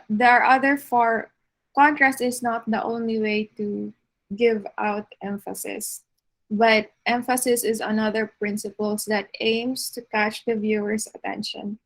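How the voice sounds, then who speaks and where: A woman giving an art lecture over slides, unhurried, with frequent fillers and restarts. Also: a little high, rough recording.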